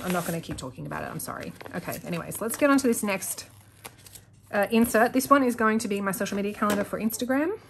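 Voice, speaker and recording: A planner vlogger with a mid-range voice chats while crafting at her desk at home, rambling, frequently sidetracked and getting heated when she rants. She's recorded on a desk-mounted camera with slight background noise.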